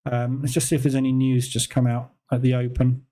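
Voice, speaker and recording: A man's voice: mid-range voice, completely flat delivery, fairly quick, warm tone. A man hosting a live trading stream, talking casually and incredulously, often laughing. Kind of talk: live market commentary.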